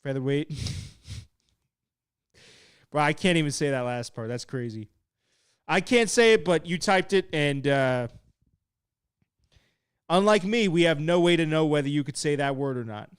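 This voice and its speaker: Young guy hosting a fight watch-along, slightly high voice, smooth and dry close sound, loose and excitable. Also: a little slow, long pauses, dry recording. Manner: excitable and laid-back, swearing, laughing at chat. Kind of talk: casual live commentary while reading chat.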